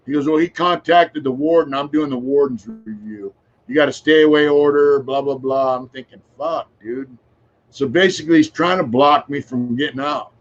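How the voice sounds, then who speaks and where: A man's voice: on the high side, moderate pace, highs cut off. A man around sixty, a podcast guest, tells long casual stories in a frank, rambling way with plenty of filler phrases and the odd curse. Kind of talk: casual conversational storytelling.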